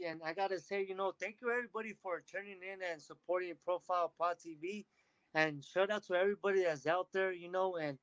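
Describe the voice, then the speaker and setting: A man talking as a podcast guest, telling energetic stories and acting out what others said to him. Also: sits high, dry recording, low-quality recording. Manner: energetic storytelling, quotes others in lively bursts. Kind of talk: casual interview chat.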